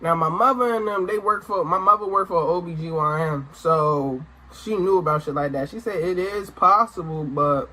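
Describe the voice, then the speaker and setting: A young adult man telling a story to camera in a casual, animated way, swearing and exclaiming as he goes. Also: a little high, normal speed, few pauses. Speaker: storytime vlogger. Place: indoor room, sit-down recording.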